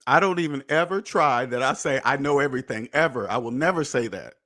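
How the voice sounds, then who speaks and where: A man hosting a personal finance podcast in an emphatic, preachy monologue, repeating points and swearing, swinging between loud jabs and low muttered asides. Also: animated, fairly quick. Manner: emphatic, preachy, repetitive, with profanity. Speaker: podcast host.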